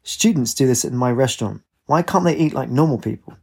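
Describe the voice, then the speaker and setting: A man's voice: medium pitch, animated, fairly quick, creaky, darkish tone, slightly rough. A man voicing a boisterous, teasing middle-aged Italian father with an Italian accent. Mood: jovial. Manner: bellowing, teasing.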